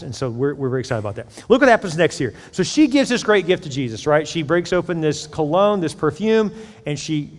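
Animated preaching man, echoing hall. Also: fairly high pitch. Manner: animated, conversational preaching with acted-out examples. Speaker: pastor. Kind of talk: sermon. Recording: long hall reverb.

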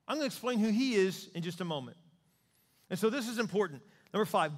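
Pastor, male, high-ish voice, lively preaching style, acts out voices, long hall reverb. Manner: animated preaching, acting out voices of God and people praying. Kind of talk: sermon.

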